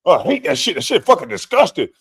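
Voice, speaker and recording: A man's voice: very high voice, sing-song, quick pace, gravelly, husky. A man hosting a live stream, mocking and cursing his way through commentary on a clip, laughing often.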